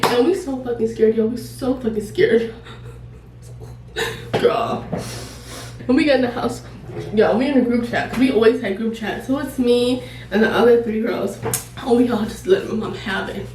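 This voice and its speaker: A woman YouTuber telling a casual storytime, animated and profane, laughing often. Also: on the high side, normal speed, long pauses. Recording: echoey room, distant mic, faint noise.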